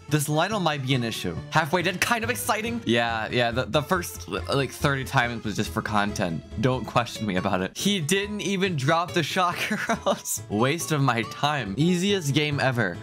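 A man giving excited, jumpy commentary over his own gameplay, laughing often and talking back to the game. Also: medium pitch, moderate pace, few pauses, faint music behind. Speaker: gaming video host.

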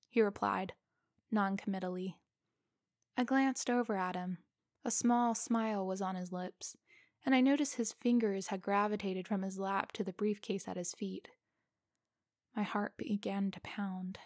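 A woman reads a suspense story aloud at a slow, measured pace, in a mid-range voice. The sound is dry and close to the mic, with no room around it. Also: medium pitch, steady tone, darkish tone, no room sound. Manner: slow, deliberate, suspenseful reading. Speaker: story narrator. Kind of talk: scripted story narration.

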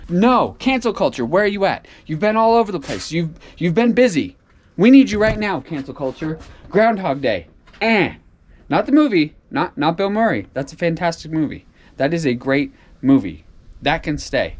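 A man chats casually to the camera while he works outdoors in a farmyard. His delivery is animated and sarcastic, with a slightly high pitch that swings widely. There is faint outdoor noise around him. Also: moderate pace. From Tennessee. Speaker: homestead vlogger. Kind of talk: casual vlog.

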